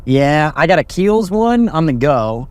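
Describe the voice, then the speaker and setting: A man's voice: on the high side, sing-song, measured pace, clean tone. A young man co-hosting a comedy podcast, chatting casually, teasing and laughing often. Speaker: podcast co-host.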